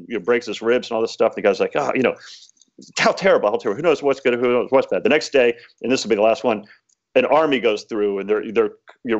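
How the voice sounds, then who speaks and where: A man's voice: lowish voice, muffled recording. A man being interviewed as an author, telling a story in a rambling, casual way with many fillers. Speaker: author guest.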